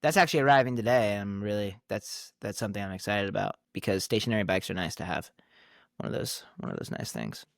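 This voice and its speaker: A man's voice: lowish voice, fast talker, vocal fry, no room sound. A man co-hosting a casual podcast conversation, telling stories animatedly, acting out the dialogue and laughing often. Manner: animated storyteller who acts out quoted dialogue and laughs often. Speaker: podcast co-host.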